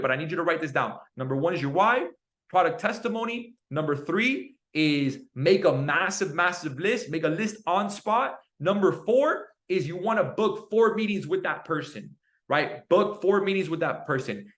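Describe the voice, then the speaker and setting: A young man leading a team call, coaching in an energetic, repetitive way and often checking in with "right?". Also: fairly high pitch. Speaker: team leader on a sales call. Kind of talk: motivational coaching talk.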